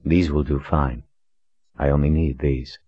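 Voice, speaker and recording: A cool, controlled gentleman with a very deep, husky voice, as the narrator plays him. He speaks in a measured, understated way, recorded dry and dull. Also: steady tone, no echo, heavily acted. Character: wealthy, cool, controlled male customer.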